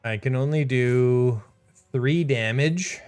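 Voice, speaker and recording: A man's voice: medium pitch, slow, a little mellow, clean tone, soft background music. A man commenting casually on his own card game, sarcastic and exasperated, laughing in disbelief. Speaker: streamer playing a card game.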